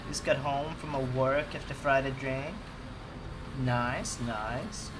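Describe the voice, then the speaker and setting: A man's voice: mid-range voice, steady tone, slow. A man streaming a game, chatting casually and rambling, joking and laughing at his own impressions. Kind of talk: casual chat over gameplay. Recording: game and vehicle noise behind.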